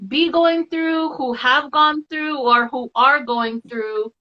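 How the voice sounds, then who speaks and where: High bright-voiced woman host, slow. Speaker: podcast host. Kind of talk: casual interview. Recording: dull lo-fi audio.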